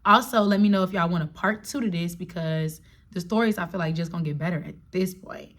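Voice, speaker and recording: A woman's voice: on the low side, fairly quick, a bit bright. A young woman vlogger telling a story in a casual, slangy way, talking straight to her viewers.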